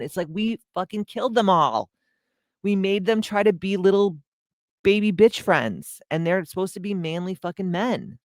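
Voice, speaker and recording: A woman's voice: medium pitch, moderate pace, no echo, studio quality. A woman hosting a casual motivational podcast, talking bluntly and animatedly and swearing freely as she coaches her listeners. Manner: blunt, profane, animated storytelling.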